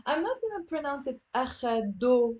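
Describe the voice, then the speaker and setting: A woman with a Lebanese accent teaching a live online Arabic class, lively and encouraging, saying words slowly for her students to repeat. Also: a little high, rough recording. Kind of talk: live online language lesson.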